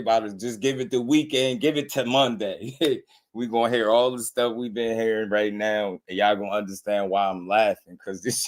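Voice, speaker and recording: A man with a New Jersey accent hosting a casual boxing livestream, laughing often and chatting in relaxed slang with his viewers. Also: lowish voice.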